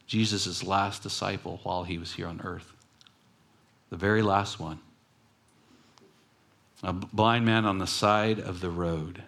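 A man's voice: on the low side, fairly bright tone. A man preaching a sermon in a conversational, storytelling way, acting out quoted voices and adding self-correcting asides. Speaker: pastor.

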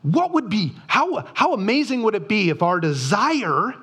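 Man, devotional Bible teaching, earnest, rhetorical questions, lively pitch. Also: normal speed, hardly any pauses, breathy edge.

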